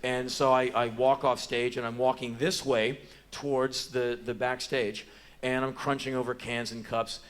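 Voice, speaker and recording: An American man in his forties tells stories on a theater stage in an emphatic, deadpan way. His voice sits at a middle pitch, and the delivery is live spoken word. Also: unhurried. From United States. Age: 40s.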